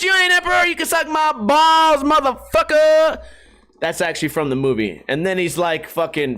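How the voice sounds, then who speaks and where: Hosting his podcast alone, this man talks in a high, fairly bright voice, wandering off on tangents and cursing freely. He cracks himself up with his own jokes and does voices for any quotes.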